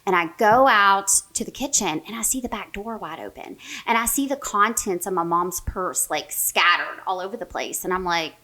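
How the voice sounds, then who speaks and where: Female therapist, 40s, podcast guest; animated storyteller, mid-range pitch. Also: normal speed, few pauses. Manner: animated, many fillers like "right?" and "like". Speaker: mental health therapist, guest. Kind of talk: casual storytelling in a podcast interview.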